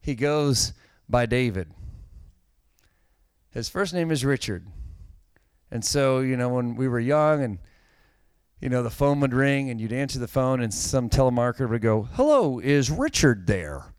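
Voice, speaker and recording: A man's voice: mid-range voice, measured pace, long pauses, clean tone, no echo. A middle-aged man, a pastor, preaching a conversational sermon and telling stories with growing animation. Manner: conversational, animated storytelling with a dry joke.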